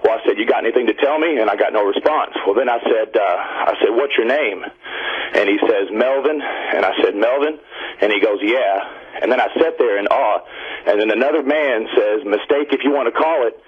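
A man from Indiana calling in to a radio talk show, telling a long story in a rambling, excited way. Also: on the low side, a little fast, breathy edge. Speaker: caller. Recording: dull radio line.

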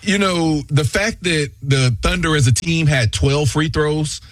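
A man on sports talk radio giving measured, numbers-driven analysis. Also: on the high side, no echo.

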